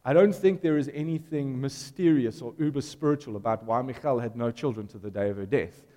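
A man's voice: mid-range voice, brisk, dark tone, long reverb tail. A man preaching a sermon in a conversational, storytelling way, putting questions to the congregation.

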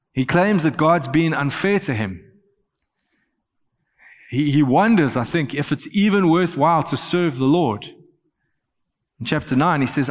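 A man preaching a sermon, earnest, growing animated as he quotes scripture. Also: a little high, normal speed, in a large hall. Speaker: pastor.

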